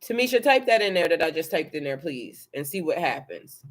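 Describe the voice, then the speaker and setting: A tarot reader doing a casual live card reading, excitable and chatty, swearing freely and talking to viewers and a helper. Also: mid-range voice, fairly quick. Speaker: tarot reader and spiritual coach.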